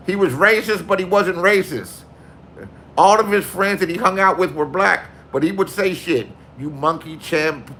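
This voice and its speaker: A man's voice: fairly high pitch, a bit bright, slight background noise. A man in his sixties telling rambling, profane anecdotes in a casual storytelling style, acting out the people in them.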